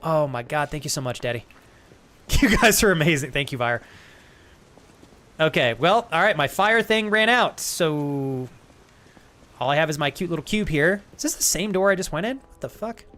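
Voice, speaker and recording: A man's voice: fairly high pitch, lively intonation, moderate pace, pauses often, pushed and bright. Joking, foul-mouthed male streamer. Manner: crude, joking, reads chat thanks aloud. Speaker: game streamer. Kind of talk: live gaming stream banter.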